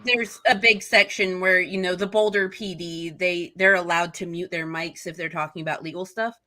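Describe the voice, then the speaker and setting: Bright-voiced chatty woman co-host. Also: on the low side, steady tone, moderate pace. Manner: chatty, hesitant with fillers. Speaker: stream co-host. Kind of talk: casual stream chat.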